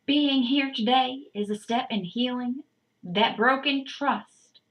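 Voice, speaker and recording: A woman reading aloud in a put-on Southern US accent, voicing a woman who leads a healing gathering on a beach with a slow, earnest delivery. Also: high-pitched, muffled recording, pitched above the performer's own voice.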